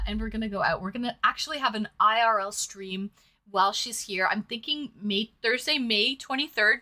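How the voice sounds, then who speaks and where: A woman's voice: medium pitch, bright, forceful tone. A woman with a mild Toronto Canadian accent, chatting casually with viewers as a livestream host. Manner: chatty, addresses viewers directly. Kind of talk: casual chat.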